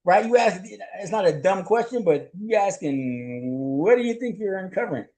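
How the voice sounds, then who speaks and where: Guy hosting his own show, riffing solo, keeps going "right?", laughs a lot, voice kinda high. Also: lively intonation, normal speed, dark tone, rough recording. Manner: conversational, rhetorical, keeps asking "right?". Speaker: host and journalist. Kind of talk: solo commentary recap.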